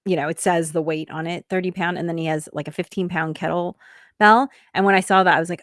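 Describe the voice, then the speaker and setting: A woman's voice: on the low side, fairly even intonation, brisk, a bit bright, dry recording, studio quality. A middle-aged woman hosting a comedy show, chatting casually and upbeat with a guest and promoting the event. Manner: chatty and upbeat, with many fillers.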